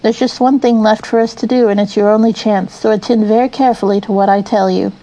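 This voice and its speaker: A woman reading as a stern but kind-hearted male train driver who speaks in a steady, grave way in an audiobook. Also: mid-range voice, natural voice, low-quality recording. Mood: urgent. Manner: steady and grave, slow when warning.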